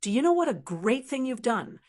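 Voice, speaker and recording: Woman narrator voicing an excitable male butler, trembling voice, awed, audiobook. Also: medium pitch, moderate pace, lightly acted.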